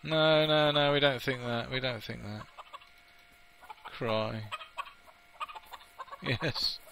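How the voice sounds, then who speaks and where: A man talks through a game he's playing, voice very bright and sharp-edged. He rambles casually, trades playful asides and gives his opinions freely, with a faint hiss of noise under him. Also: medium pitch, a little slow, vocal fry, rough recording. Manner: chatty and opinionated, with frequent laughs and playful asides. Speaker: let's play gamer. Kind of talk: casual gameplay commentary.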